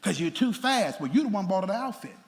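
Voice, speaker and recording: A pastor preaching a sermon, playful and animated, tossing laughing asides to the congregation. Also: male voice, high-pitched, brisk. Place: large church sanctuary. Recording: church hall reverb with faint room noise.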